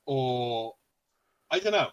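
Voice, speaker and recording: A man in his thirties co-hosting a casual podcast chat, animated and laughing as he tells stories, swearing freely. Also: medium pitch, slow, clean tone, lo-fi sound. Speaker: podcast co-host.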